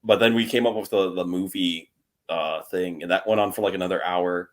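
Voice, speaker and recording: Young male podcast co-host, low voice, casual rambling storyteller. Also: fairly even intonation, fairly quick. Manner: rambling, laughs often, swears casually. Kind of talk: casual chat.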